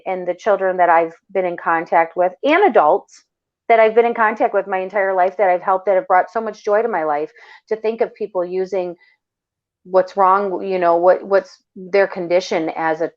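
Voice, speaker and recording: A woman's voice: on the low side, lo-fi sound. A woman co-hosting a podcast, talking in casual chat, blunt and impassioned, swearing freely. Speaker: podcast co-host.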